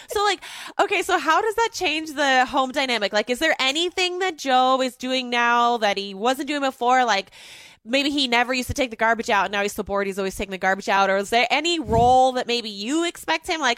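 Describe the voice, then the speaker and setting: Higher-voiced woman interviewer, dry sound. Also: animated, brisk, fairly bright tone, no room sound. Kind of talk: casual interview questions.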